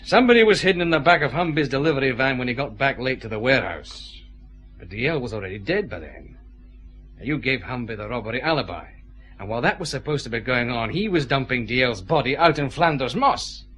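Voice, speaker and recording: An actor with a Scottish accent playing a methodical, confident detective chief inspector pressing suspects in a radio drama. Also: male voice, medium pitch, expressive, a little fast, fairly bright tone, natural voice.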